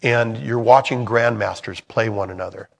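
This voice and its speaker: A man preaching a sermon in a conversational way, swinging from loud emphatic bursts to soft, hushed lines. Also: lowish voice, moderate pace, gravelly.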